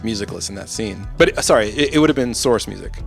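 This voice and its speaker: Brief: male composer guest, low voice, thoughtful and halting, faint music behind. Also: lively intonation, vocal fry. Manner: reflective, halting, many restarts. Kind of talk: casual conversation.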